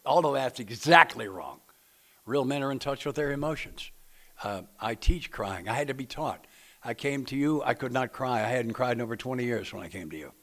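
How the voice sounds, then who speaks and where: A man talks a group through a book study. His delivery is plainspoken and folksy, with a joking edge. His pitch sits in the middle range. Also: animated, fairly quick, fairly bright tone. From Nashville, Tennessee. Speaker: recovery meeting speaker leading a book study. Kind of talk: speaker-meeting talk to a group.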